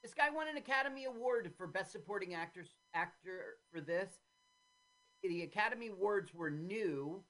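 A woman hosting a casual talk show, retelling an old film with animated voices for the characters. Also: mid-range voice, normal speed. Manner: animated storyteller, acts out quotes in loud voices. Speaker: podcast host.

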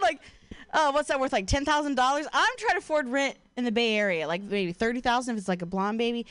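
A young woman from Ohio working through a stand-up set in a voice pitched a little high. She talks casually and swears freely, keeps a deadpan tone and laughs at her own lines. The sound is close and dry, with almost no room around it. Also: quick pace, smooth, dry recording. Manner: casual, profane, deadpan delivery with frequent laughs. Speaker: stand-up comedian.

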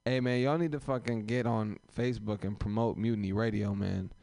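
A man hosts a comedy open mic in a small live room, teasing the audience with profane, rambling crowd work. His voice is fairly low and fairly quick, with fairly even intonation and a creaky, mellow quality. There's no room sound on the recording.

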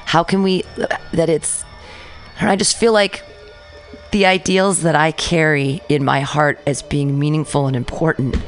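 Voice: medium pitch, fairly even intonation, normal speed, soft background music. A radio co-host in casual conversation, earnest and searching, often trailing off mid-thought. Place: small radio studio.

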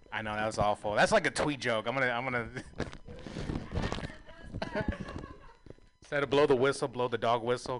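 A man's voice: mid-range voice, noisy background. A man doing a stand-up comedy set, crude and self-deprecating, laughing at his own jokes. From San Francisco.

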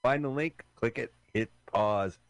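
A man's voice: mid-range voice, unhurried, no room sound, soft background music. A man co-hosting a casual internet radio podcast, chatty and rambling, sometimes searching for words. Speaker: podcast co-host. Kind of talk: casual chat.

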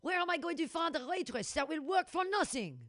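A woman's voice: very high-pitched, lively intonation, brisk, a bit bright, dry recording, studio quality, voice pushed up. A woman voicing a grumpy middle-aged male French chef in a put-on French accent, pleading and exasperated, over a video call.

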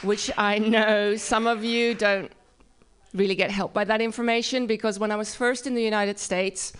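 A woman's voice: mid-range voice, steady tone, normal speed, clean tone. A woman in her fifties from the Netherlands with a Dutch accent, performing a dry, self-deprecating stand-up set at a live comedy venue.

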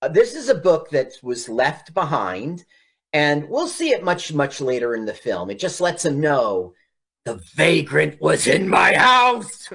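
A man's voice: fairly high pitch, slightly rough. A man co-hosting a radio show, rambling through casual movie commentary and laughing often. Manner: lively, rambling, quick to laugh. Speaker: radio co-host.

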